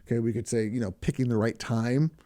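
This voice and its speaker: A man's voice: medium pitch, fairly even intonation, fast talker, dark tone. A man hosting a podcast, talking earnestly and emphatically, repeating words to stress his points. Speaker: podcast host. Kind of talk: podcast talk.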